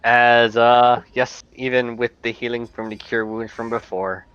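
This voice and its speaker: Bright, crisp-voiced man running a game. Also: mid-range voice, level tone. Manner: loose, halting narration with fillers. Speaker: dungeon master. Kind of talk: narrating a tabletop game online. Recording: dull, lo-fi dry mic.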